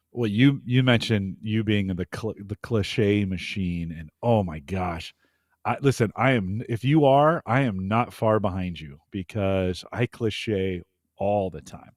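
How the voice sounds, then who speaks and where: Man, lowish voice, dry sound, podcast host, reflective, self-questioning. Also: darkish tone, no echo. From United States. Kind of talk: casual chat.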